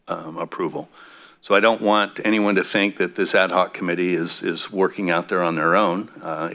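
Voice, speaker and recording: A man on a city council giving remarks at a public meeting, speaking haltingly with many fillers, his voice a bit throaty. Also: low-pitched, fairly bright tone. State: throaty coffee voice.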